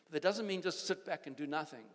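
An older man with a South African accent preaches to his congregation, pressing his point through repeated phrases and frequent restarts. His voice sits somewhat high for a man. Long reverb from the church hall trails each phrase. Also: fast. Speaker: pastor. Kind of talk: sermon.

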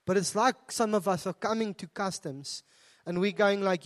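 A South African man with a notably high voice preaches from the pulpit. He is middle-aged, earnest and conversational, and he turns to the congregation with quick asides. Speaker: pastor. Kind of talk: sermon. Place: church.

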